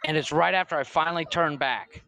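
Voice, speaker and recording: A man with a slightly high voice tells stories on a casual comedy podcast, swearing freely and breaking into laughter. The sound is dry and close, with no room around it. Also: brisk, vocal fry, pushed and bright, no echo. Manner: storytelling with frequent laughter, swearing. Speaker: podcast co-host.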